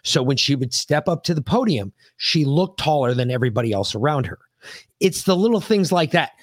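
A man's voice: fairly high pitch, a little fast, no room sound, studio quality. A man co-hosting a podcast, telling stories in a casual, profane way and cutting in to correct his co-host. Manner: animated, profane storyteller who cuts in to correct. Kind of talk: casual storytelling chat.

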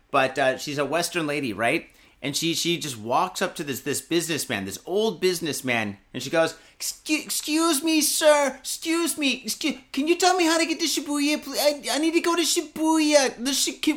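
A man's voice: on the high side, pushed and bright. A man hosting a podcast, telling rambling, profane stories in casual chat. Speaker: podcast host.

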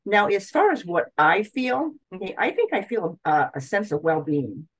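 A woman's voice: mid-range voice, big pitch swings, normal speed, low-quality recording. A middle-aged woman, a guest doctor, telling a personal story in an interview and animating her quotes of others.

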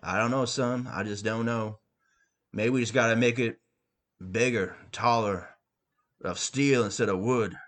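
A blustering middle-aged dad who lays down the law and then trips over his own rules, as a man reads him out in a comic story. His voice is a plain, medium man's voice, stern and deliberate. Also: mid-range voice, fairly even intonation, a bit bright, lightly acted. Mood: weary.

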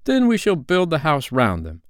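A man voicing a commanding young boy who leads a band of lost boys and gives crisp orders. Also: fairly high pitch, huge pitch swings, normal speed, dry recording, studio quality, pitched above the performer's own voice.

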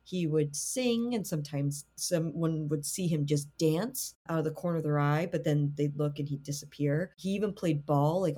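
A woman podcast host retells a spooky story in an easygoing, conversational way. Her voice sits slightly low for a woman, and she fills her sentences with "like" as she goes. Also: mellow. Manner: chatty, lots of "like" fillers. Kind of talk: casual storytelling.

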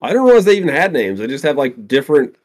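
A man co-hosting a casual movie podcast, cracking jokes and shouting out references. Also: a little high, sing-song, fast. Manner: joking, drops quotes and reference shout-outs. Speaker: podcast co-host. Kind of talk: casual movie commentary chat.

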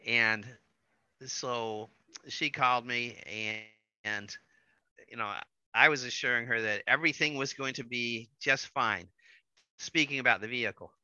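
A middle-aged man telling a personal story in casual conversation, animated and repeating his words as he acts out quotes. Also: mid-range voice, unhurried, clear, resonant tone, no echo, lo-fi sound.

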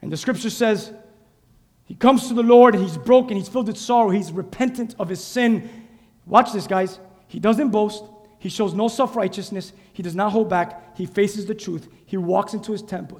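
A male pastor preaching an animated sermon, exhorting and calling out to his congregation. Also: sits high, moderate pace, big-room sound. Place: church sanctuary.

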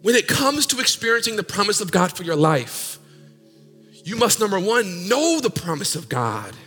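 Man preaching, high voice, long church hall reverb, faint organ music. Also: sing-song, moderate pace, breathy edge. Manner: call-and-response preaching, swinging from loud sung peaks to low murmurs. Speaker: pastor. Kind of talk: sermon. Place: church sanctuary.

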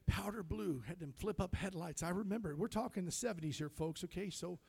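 A high-voiced American man preaches a sermon. He tells his story in near-whispers and builds to loud, shouted praise. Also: a little fast, creaky, breathy edge. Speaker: pastor.

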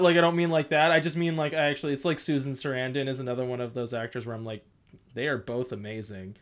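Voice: mid-range voice, fairly even intonation, brisk. A podcast host chatting casually, rambling with lots of "like" and frequent laughter.

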